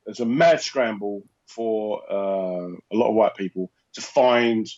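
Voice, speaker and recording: A man co-hosting a casual chat show, telling comedy-club stories with lively animated delivery. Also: fairly low pitch, measured pace, lo-fi sound. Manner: animated anecdote telling, acting out exchanges. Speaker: co-host and comedian.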